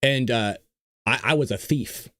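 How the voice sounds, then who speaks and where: A man in his thirties hosting a casual talk show, telling stories in an animated, joking way and laughing often. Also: medium pitch, a little slow, no room sound, clean studio sound. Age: 30s. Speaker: host of a political talk show. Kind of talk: casual livestream talk and storytelling.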